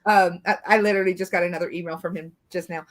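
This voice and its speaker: A woman's voice: on the low side, steady tone, fast talker. A woman who works as a defense attorney, talking casually on a podcast, hesitant, with many fillers and restarts.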